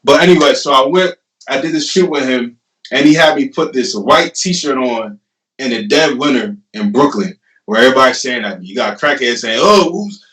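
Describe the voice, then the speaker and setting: A young man in his twenties tells his story as a guest in a loose, laughing, animated way. He sits a little back from the mic. The room adds a noticeable echo. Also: mid-range voice, moderate pace. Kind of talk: casual storytelling. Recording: roomy, distant mic.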